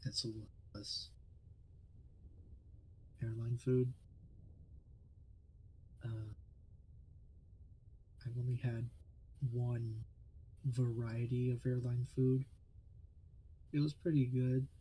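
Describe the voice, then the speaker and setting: A man's voice: medium pitch, flat delivery, slow, pauses often, dark tone, slight background noise. A man co-hosting a gaming stream, talking in a laid-back, hesitant way. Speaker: streamer co-host. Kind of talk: casual gaming chat.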